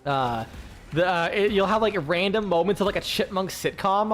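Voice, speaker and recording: A man's voice: high voice, lively intonation, moderate pace, a bit bright, soft background music. A man chatting casually with his stream viewers, rambling, full of fillers and swearing freely.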